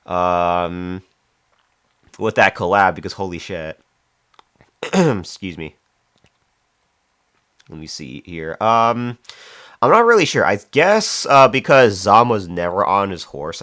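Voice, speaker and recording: Male streamer, low voice, dry close sound, chatty and rambling, talks to chat while working. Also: fairly bright tone, dry recording. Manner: rambling, reads chat aloud, frequent fillers and restarts. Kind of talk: casual live-stream chat.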